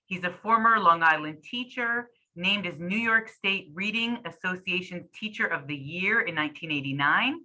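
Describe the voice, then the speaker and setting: A woman's voice: fairly low pitch, sharp tone, rough recording. A woman hosting an event, reading a formal, welcoming introduction of a speaker. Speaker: event host.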